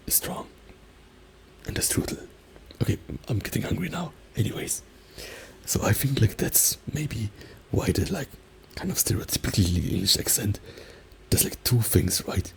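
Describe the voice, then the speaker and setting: A man talking softly and slipping into whispers in a soft-spoken ASMR video, often padding with "like" as he explains. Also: on the low side, very animated, normal speed, gravelly, slight background noise. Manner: alternates soft talking and whispers, many "like" fillers. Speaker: ASMR creator. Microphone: binaural mic.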